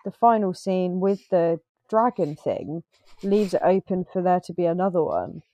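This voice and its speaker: A woman's voice: lowish voice, moderate pace, mellow, dry recording. A woman chatting casually about films as a podcast co-host, rambling and correcting herself as she goes. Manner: rambling, self-correcting, laughs often. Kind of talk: casual film review chat.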